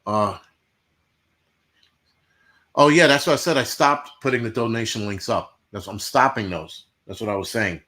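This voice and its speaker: A man's voice: lowish voice, normal speed, pauses often, bright, forceful tone. A man hosting a livestream, ranting bluntly and profanely to his chat in casual talk. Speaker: livestream host.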